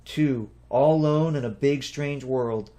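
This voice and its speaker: A man's voice: medium pitch, unhurried, dark tone. Man reading a storybook aloud. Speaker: audiobook narrator. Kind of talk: storybook narration.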